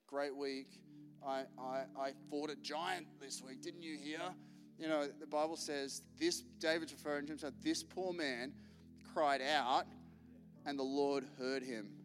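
A man preaching a lively, joking sermon full of anecdotes. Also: on the high side. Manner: chatty, joking, acts out quotes. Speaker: pastor. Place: large church hall. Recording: live church recording with long reverb.

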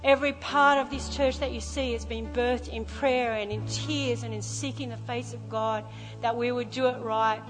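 A middle-aged woman pastor preaching a sermon, telling a story with passion, sometimes hushed and sometimes loud. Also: fairly high pitch, fairly even intonation, normal speed, long reverb tail, over music. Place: large church hall.

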